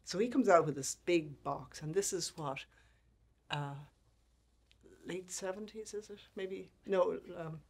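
A woman in her sixties, a make-up artist speaking as a guest, telling lively anecdotes and acting out the people she quotes. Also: fairly low pitch, unhurried, husky. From Ireland. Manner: animated anecdotes, frequent laughter, acts out quoted people. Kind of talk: storytelling interview talk.

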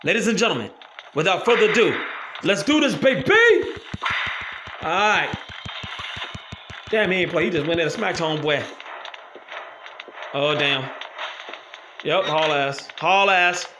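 A man hosting a horror game playthrough, commentating loudly, cursing and exclaiming as he plays. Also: on the high side, animated, measured pace, long pauses, background noise. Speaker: gaming channel host.

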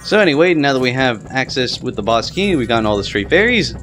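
A young man giving casual let's-play commentary, excitable and quick to swear and yelp when the game goes wrong. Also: medium pitch. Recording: game music behind voice.

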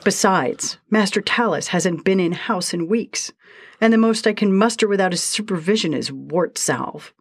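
A woman's voice: medium pitch, normal speed, vocal fry, slightly rough, no room sound, clean studio sound. A woman voicing a tiny, mischievous male sprite who teases and taunts. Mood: sly teasing. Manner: teasing, playful taunts.

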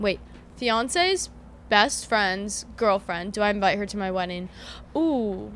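A woman's voice: mid-range voice, expressive, slow pace, fairly bright tone, slight background noise. A young woman in her twenties hosting a podcast, chatting casually and rambling with lots of fillers. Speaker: podcast host. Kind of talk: casual chat.

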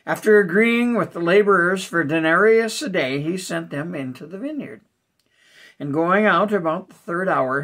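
A male pastor reading a Bible chapter aloud with short spoken comments, unhurried, with small hesitations between thoughts and rising emphasis on the quoted lines. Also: a little high, fairly bright tone. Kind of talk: scripture reading with brief commentary.

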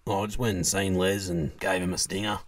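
A man voicing a good-natured, gentle Australian bloke in a fan-made cartoon, easygoing and chuckling. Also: deep voice, steady tone, fairly quick.

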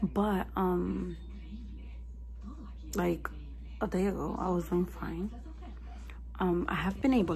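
Her voice is low, gravelly and a little mellow, with fairly even intonation, an unhurried pace and long pauses. She's a young woman in a confessional vlog, talking casually about her stress and low mood and leaning on fillers like "like" and "you know what I mean." The audio quality is poor.

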